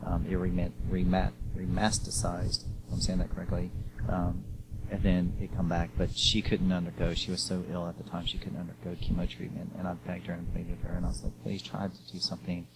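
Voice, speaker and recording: A man hosting an interview, speaking gently and sympathetically with many hesitations. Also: sits low, monotone, a little fast. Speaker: host. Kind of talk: interview conversation. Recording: audible background noise.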